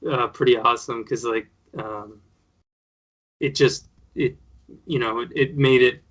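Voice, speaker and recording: A man in a casual interview, thinking out loud as he tells his story. His voice is bright and forceful but stays even and flat in pitch. The recording is dull and lo-fi. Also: a little slow. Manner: rambling, many fillers and restarts. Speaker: guest, show creator. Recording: dull lo-fi sound.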